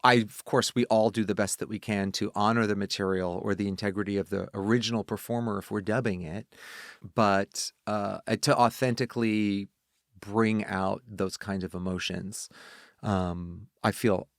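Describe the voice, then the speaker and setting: A man's voice: normal speed, no echo, studio quality. A man, a voice actor and director, telling a personal story in casual conversation, acting out other people's lines as he goes. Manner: animated storyteller who acts out quotes in high voices.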